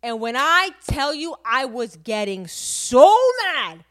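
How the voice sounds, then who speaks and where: A woman's voice: on the high side, animated, takes it slowly, fairly bright tone. A woman in her twenties, a podcast co-host, talking candidly and telling a personal story with lots of fillers. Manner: chatty, filler-heavy, vivid storytelling. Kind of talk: candid casual chat.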